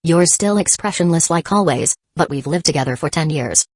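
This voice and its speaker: A poised, observant teenage girl from a storybook audiobook, voiced by a woman reader. Her voice is low and even. The sound is dry and close. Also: normal speed, breathy edge, no room sound, heavily acted. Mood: curious.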